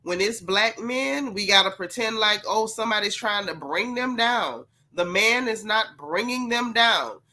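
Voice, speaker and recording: This gossip host's livestream commentary comes in a congested, sick voice that's mid-range, animated, pushed and bright. She's unhurried yet hardly pauses, addressing her chat directly and repeating things to stress them.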